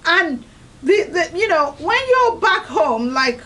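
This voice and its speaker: High-voiced woman, earnest. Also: big pitch swings, takes it slowly, bright, forceful tone, low-quality recording. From Nigeria. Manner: earnest, emphatic, repeats "I tell you". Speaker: host of a devotional series. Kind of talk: motivational devotional talk.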